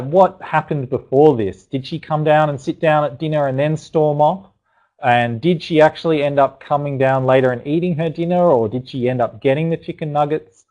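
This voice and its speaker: A man's voice: medium pitch, a little mellow, low-quality recording. A man presenting a live parenting webinar, chatty and encouraging, talking loosely with restarts and asides to his audience. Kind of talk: live online teaching webinar.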